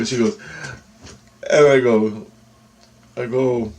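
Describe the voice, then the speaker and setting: A man's voice: medium pitch, takes it slowly, vocal fry, long pauses, a little hiss or hum. A man casually telling a personal story, rambling with restarts and acting out other people's quoted lines. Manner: rambling, animated, acts out quotes with fillers and restarts. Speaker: vlogger telling personal experiences.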